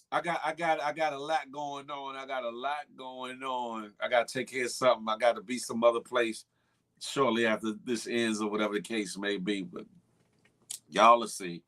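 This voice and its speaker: A man's voice: mid-range voice, flat delivery, moderate pace, a bit bright. A man hosting a casual morning livestream, talking back to chat and repeating himself for emphasis. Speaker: morning show host reading live chat.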